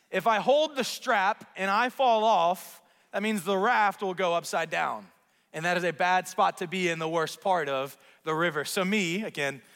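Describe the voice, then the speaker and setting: A man preaching a sermon as pastor, telling a story in an animated, self-mocking way in a church sanctuary. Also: sits high. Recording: long reverb of a large hall.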